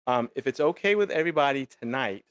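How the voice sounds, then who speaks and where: A man's voice: medium pitch, expressive, fast talker, a bit bright, smooth, no echo, studio quality. A man co-hosting a casual live chat stream, rambling with many fillers and restarts.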